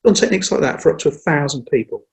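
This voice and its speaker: A man who trains people in presenting, talking in a lively conversational way and acting out what an audience says. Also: fairly high pitch, creaky, low-quality recording. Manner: energetic, acts out audience lines, speeds up and slows down on purpose. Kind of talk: casual conversational interview.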